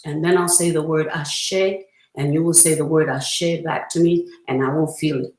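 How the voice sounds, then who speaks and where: A priestess presenting a spiritual workshop, talking earnestly and reverently with frequent pauses, and reciting a prayer. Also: female voice, deep voice, fairly even intonation, a little mellow. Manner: earnest, reverent, pausing often to gather thoughts. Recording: roomy echo.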